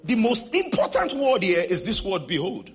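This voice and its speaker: A male pastor with a Nigerian accent, preaching a sermon to a congregation and leading shouted declarations. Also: high voice, big pitch swings, moderate pace, soft background music. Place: church hall with congregation.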